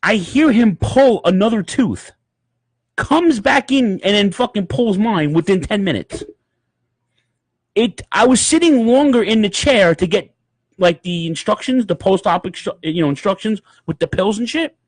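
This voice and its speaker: A man co-hosting a podcast, telling a story in casual chat, profane and animated, acting out the people in it. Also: high voice, normal speed, husky, no room sound. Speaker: podcast co-host.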